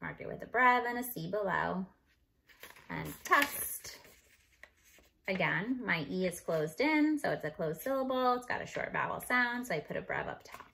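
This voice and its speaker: A woman teacher walking young students through spelling and marking up words, sounding out each syllable and letter slowly and clearly. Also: mid-range voice, lively intonation, pushed and bright, a little hiss or hum. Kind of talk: recorded phonics review lesson. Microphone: computer microphone.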